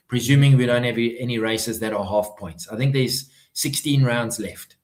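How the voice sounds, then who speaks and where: A man co-hosting a live-streamed chat who offers his opinions at an easy pace. He has a mid-range voice and often hedges with "I think". His manner is relaxed and conversational. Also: mid-range voice, normal speed, hardly any pauses, low-quality recording. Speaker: podcast co-host.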